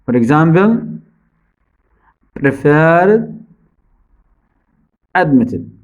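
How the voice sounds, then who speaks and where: A man teaching English spelling rules, speaking slowly and deliberately, repeating each rule for his students. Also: big pitch swings, highs cut off. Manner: stresses key words, drops low at phrase ends. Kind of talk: slow spelling-rule lesson.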